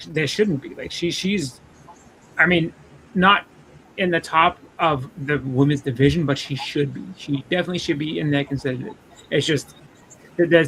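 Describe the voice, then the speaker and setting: A man chatting casually about wrestling, halting and full of restarts. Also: fairly high pitch, creaky, bright, forceful tone, a little hiss or hum, poor audio. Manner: halting, many restarts and fillers. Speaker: podcast co-host.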